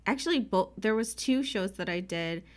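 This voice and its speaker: A woman's voice: mid-range voice, expressive, normal speed. A young woman co-hosting a casual podcast chat, emotional and teary, often laughing. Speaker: podcast co-host.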